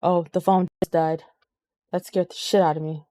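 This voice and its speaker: A woman's voice: lowish voice, flat delivery, moderate pace, dark tone, no room sound, studio quality. A woman co-hosting a wrestling podcast, talking loosely and profanely with lots of filler ums. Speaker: podcast co-host. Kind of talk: casual wrestling chat.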